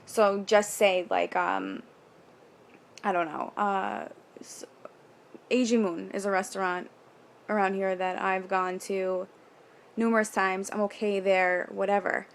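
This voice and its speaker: A young woman from New York talking candidly in a casual vlog, rambling with quick nervous asides and casual swearing. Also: medium pitch, steady tone, vocal fry. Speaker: vlogger. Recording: faint background noise.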